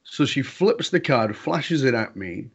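Animated male storyteller, lo-fi sound. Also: unhurried, gravelly, husky. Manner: animated storyteller, acts out quotes with big pitch jumps. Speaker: interview guest. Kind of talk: storytelling in a conversation.

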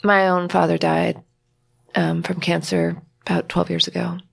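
Gravelly-voiced woman telling a personal story. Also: on the low side, level tone, a little slow. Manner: emotional, acts out quoted dialogue. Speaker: podcast guest.

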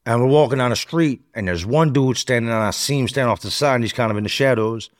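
A man recounting his past in a lively storytelling manner, acting out the voices of the people he quotes. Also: medium pitch, quick pace, no echo, clean studio sound. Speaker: interview guest.

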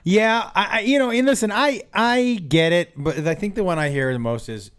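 A man's voice: high voice, moderate pace, few pauses, fairly bright tone, smooth. A man co-hosting a comedy podcast, bantering crudely in a loose, joking way. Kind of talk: casual comedy chat.

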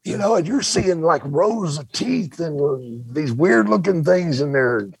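A man's voice: a little high, animated, a little slow, vocal fry, slightly rough, dry recording. An older man, a podcast host, telling a colorful, profane story and acting out the quotes of other people. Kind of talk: casual storytelling chat.

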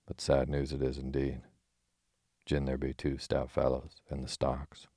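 A gruff, blustering tinker, as a deep-voiced narrator reads him. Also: male voice, monotone, a little slow, warm tone, no room sound, heavily acted. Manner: blustering, archaic speech. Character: gruff news-hungry tinker man, quick to bristle.

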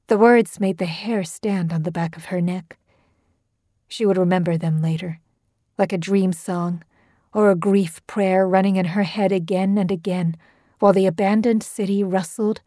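A woman narrates a horror story with a steady, measured delivery. Her tone is mellow and dark, recorded dry and close on a studio mic. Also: medium pitch, dry recording.

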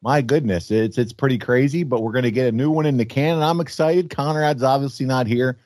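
A man hosting a podcast, friendly and chatty, sounding a little hoarse. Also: mid-range voice, fairly quick, darkish tone, no echo, clean studio sound. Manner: friendly, chatty, reads ad copy. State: slightly hoarse. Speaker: podcast host. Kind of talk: casual podcast chat.

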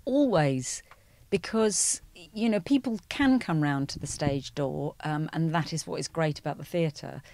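A middle-aged woman with a deep, darkish voice speaks a little slowly. A musical theatre performer, she chats as an interview guest, telling stories and often saying "you know."

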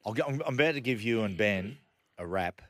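A man's voice: fairly low pitch, animated, fairly quick, dry recording. An Australian man hosting a radio sports show in a small studio, chatty and joking with lots of fillers. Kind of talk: casual sports chat.

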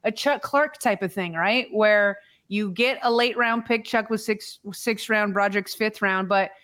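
A woman's voice: medium pitch, measured pace, fairly bright tone. A woman co-hosting a talk show, chatting casually in a playful, confident way. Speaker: co-host. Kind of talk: casual chat.

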